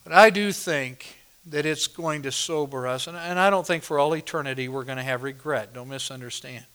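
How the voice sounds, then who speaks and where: A man's voice: on the high side, fairly quick, fairly bright tone, smooth. A male pastor preaching a sermon at a church service, emphatic and driving home points by repeating phrases.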